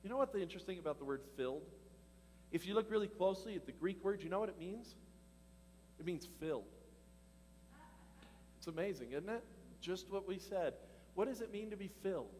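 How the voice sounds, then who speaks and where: A male pastor preaching a sermon in a lively, conversational way, asking the congregation questions and laughing as he goes. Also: high voice, fairly quick, pauses often, big-room sound, a little hiss or hum. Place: church hall.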